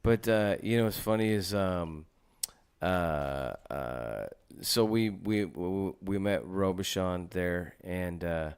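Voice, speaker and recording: A man with a very low, smooth and resonant voice holds forth in a loose podcast chat. He rambles, swears freely and keeps restarting his sentences. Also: slow pace. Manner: rambling and profane, with many restarts.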